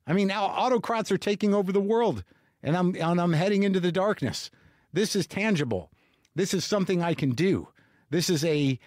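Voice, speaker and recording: A middle-aged man hosts his podcast with a rambling, self-mocking monologue, his voice pitched a touch higher than most men's. He tells the story in an animated, comic way. The sound is dry and close, with no room echo. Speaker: podcast host. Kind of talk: comedic monologue.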